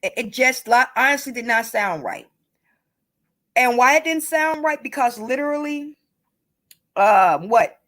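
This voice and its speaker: Woman, true crime commentary, high voice, slow delivery, emotional, profane, repeats herself. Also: animated, a bit bright.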